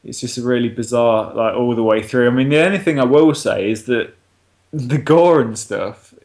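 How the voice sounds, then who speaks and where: A man's voice: medium pitch, normal speed, a little mellow. A man co-hosting a podcast, talking casually about films, swearing, laughing and acting out lines. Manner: sweary, laughing, acts out quoted dialogue. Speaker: podcast co-host. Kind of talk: casual film review chat.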